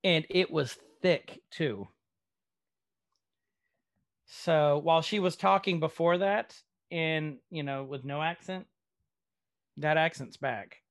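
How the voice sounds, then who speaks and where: Gravelly, slightly high-voiced man chatting. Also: takes it slowly, long pauses. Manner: chatty, leads the discussion, many fillers. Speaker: podcast co-host. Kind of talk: casual chat recapping a TV episode.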